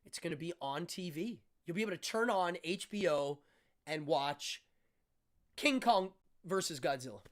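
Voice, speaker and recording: A man's voice: a little high, expressive, normal speed. A man in his fifties hosting a live stream, chatting casually in a laid-back, slangy way and thanking viewers by name. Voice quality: laid-back, slangy, with frequent ums and uhs. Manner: upbeat sign-off, shouting out viewers by name. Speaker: host.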